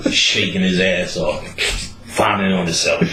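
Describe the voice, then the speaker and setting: A man hosting a podcast, telling a profane story in casual chat while laughing often. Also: deep voice. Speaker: podcast host. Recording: roomy echoey recording.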